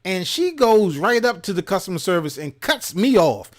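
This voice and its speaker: A man from Maryland, co-hosting a gaming show, telling a profane story in casual chat and shouting out the lines he quotes. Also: sits high, big pitch swings, normal speed. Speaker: podcast co-host.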